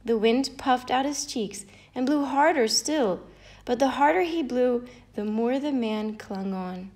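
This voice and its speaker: A woman reads a children's fable aloud, slowly and expressively. Her voice sits a touch high and lilts with the story. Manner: expressive, lilting read-aloud. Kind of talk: storybook narration.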